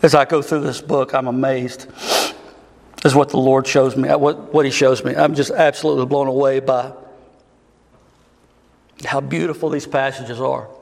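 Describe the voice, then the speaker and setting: A man preaching a sermon, impassioned and swinging between loud and soft. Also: mid-range voice, level tone, moderate pace, gravelly, long pauses. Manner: impassioned, rising and falling delivery. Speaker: pastor. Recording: long hall reverb.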